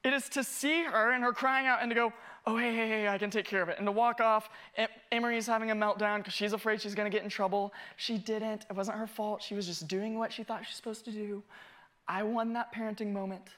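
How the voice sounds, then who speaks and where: Bright-voiced animated preacher man. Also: high-pitched, brisk. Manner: animated, self-mocking, acts out scenes. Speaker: family discipleship pastor. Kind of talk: sermon with personal storytelling.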